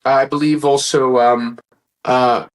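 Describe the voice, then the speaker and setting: A man guesting in a relaxed interview tells stories slowly and with a flat delivery in a medium pitch. He's earnest and rambling, often restarting sentences and acting out the dialogue he quotes.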